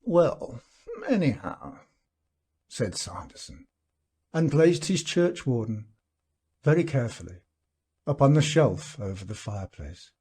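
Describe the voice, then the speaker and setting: Man, audiobook reader, classic short story, slow, mellow, lively pitch. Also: husky.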